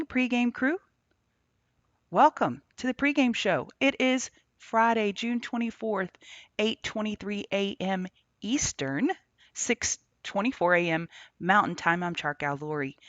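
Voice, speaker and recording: On the road with a remote setup, a woman with a lowish voice runs a live trading show. Between chart talk she chats casually and greets viewers by name, and the recording comes across dull, lo-fi, and dry.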